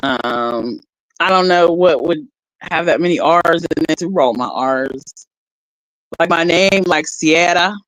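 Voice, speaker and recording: A woman's voice: low voice, slow pace, a bit bright, dry recording, poor audio. A woman chatting casually on a livestream, rambling and laughing as she reads her viewers' chat aloud.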